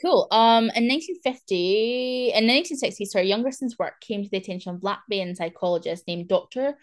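A woman's voice: mid-range voice, expressive, fairly quick. Woman, young adult, podcast host, chatty, rambling, lots of fillers. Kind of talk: casual chat.

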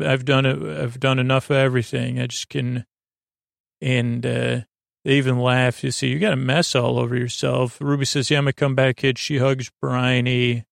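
A man's voice: medium pitch, gravelly, dry recording, studio quality. A man hosting a sleep podcast, recapping a show in a casual, rambling way with many hesitant fillers.

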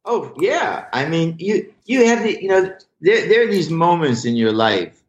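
An older man, a comedy writer as a podcast guest, telling show-business stories in a lively, profane, casual way. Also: on the high side, a little slow, slight background noise. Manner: animated anecdotal storyteller, swears freely. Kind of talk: casual storytelling interview. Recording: roomy, dull lo-fi sound.

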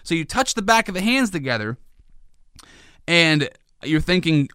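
Male host, rambling comic monologue, lively bright voice, dry close sound. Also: fairly high pitch, unhurried, clean tone, no echo. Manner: rambling, animated storytelling. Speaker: host, father of a toddler. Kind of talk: comedic monologue.

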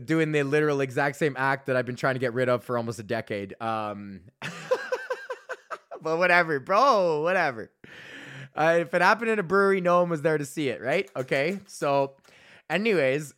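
A man's voice: fairly high pitch, fairly bright tone. A man in his thirties from Alberta, a comedian hosting his own show, rambling through a profane story and laughing at his own jokes. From Alberta, Canada. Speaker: podcast host and stand-up comedian. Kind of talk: casual storytelling monologue.

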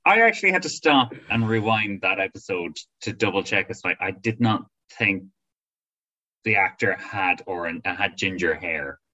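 Lively low man on a dull mic. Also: moderate pace. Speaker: podcast co-host. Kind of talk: casual chat.

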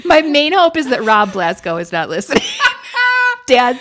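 A woman's voice: high voice, unhurried. A woman co-hosting a podcast, telling stories in casual chat, laughing often and acting out what others said. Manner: animated storyteller, laughs often and acts out quotes. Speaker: podcast co-host.

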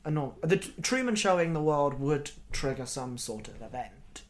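A comedy podcast co-host talking in a giggly, animated way, often trailing off mid-thought. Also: medium pitch, normal speed, a crowd in the background. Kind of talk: casual comedic chat.

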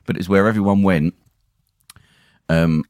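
A man's voice: deep voice, steady tone, unhurried, a little mellow, no echo, clean studio sound. A man co-hosting a podcast in casual conversation, chatty and giggly, jumping between questions. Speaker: podcast co-host.

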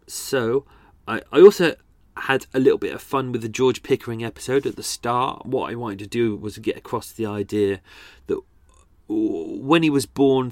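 A man hosting a podcast, casually and self-deprecatingly explaining how he edited audio, often halting mid-sentence. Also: fairly low pitch, no room sound. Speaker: podcast host. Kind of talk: casual behind-the-scenes talk about audio editing.

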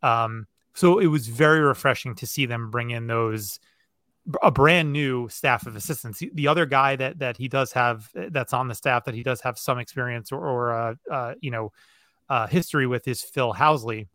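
Man, podcast host, bright forceful tone, dry close sound, thinking aloud. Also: medium pitch, normal speed, no echo. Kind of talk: casual sports chat.

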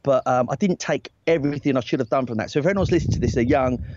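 A man's voice: mid-range voice, racing, noisy background. A man in his forties, a talent agent and guest, telling stories in a rambling, self-deprecating way, with many restarts and laughs. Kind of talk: casual anecdotal chat. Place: outdoors in a hammock. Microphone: earbuds. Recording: dry, slightly dull sound.

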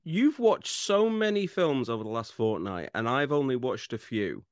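A man's voice: mid-range voice, big pitch swings, moderate pace, dry recording. A man co-hosting a casual film podcast, making dry, teasing remarks. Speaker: podcast co-host.

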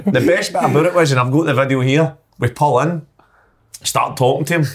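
A man telling a lively story in casual podcast chat. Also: fairly high pitch, brisk, slight background noise. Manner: animated, laughing storyteller.

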